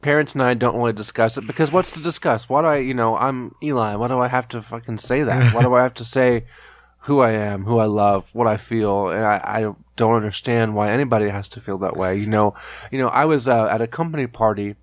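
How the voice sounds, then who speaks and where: A man's voice: mid-range voice, brisk, no echo, clean studio sound. A man in his thirties, a podcast guest telling candid stories in casual chat, swearing freely. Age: 30s.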